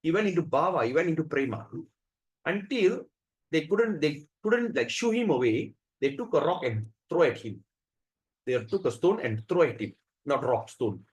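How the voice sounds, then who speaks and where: A man teaching a devotional scripture class, telling stories in an animated way, acting out the voices and often restarting his sentences. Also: on the high side, moderate pace, rough recording. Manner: animated storyteller who acts out the voices, with frequent restarts. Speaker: spiritual teacher.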